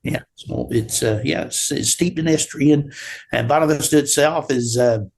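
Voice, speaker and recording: This drywall taper from Newfoundland, Canada, has a gravelly, slightly mellow mid-range voice and speaks at normal speed in a Newfoundland accent. Chatting as a casual interview guest, he rambles and tends to end his sentences with "right?".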